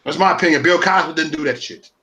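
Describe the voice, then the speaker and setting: Brief: forties male stream host on a profane, combative rant, bright edgy tone. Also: fairly high pitch, fast. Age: 40s. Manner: profane, repetitive, confrontational. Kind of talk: ranting live stream talk.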